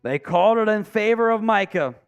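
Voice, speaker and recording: A high-pitched man calls plays on a live fan stream, then rants and swears about his team's choices. He reads viewer messages aloud between plays. Faint music plays under his voice. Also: lively intonation, fairly quick, creaky, smooth. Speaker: sports stream host. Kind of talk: live play-by-play and fan commentary.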